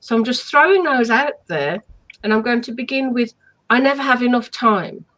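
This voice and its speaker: A woman's voice: fairly high pitch, moderate pace, low-quality recording. A woman co-hosting a self-help live stream, speaking in an emphatic, affirming way over a video call. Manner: emphatic, affirming, animated delivery.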